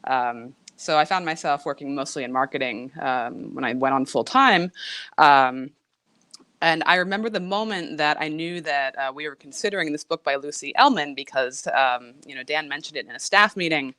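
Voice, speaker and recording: A woman's voice: sits low, normal speed, sharp tone, no room sound. A woman in her forties, a guest on a book podcast, talking hesitantly with many ums and frequent laughs. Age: 40s. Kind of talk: casual chat.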